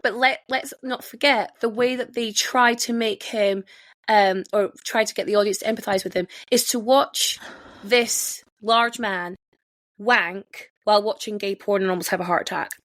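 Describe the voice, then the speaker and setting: A woman hosting a podcast, talking casually and emphatically, with her pitch leaping up on stressed words. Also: fairly even intonation, moderate pace, a bit bright, no room sound, clean studio sound. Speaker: podcast host.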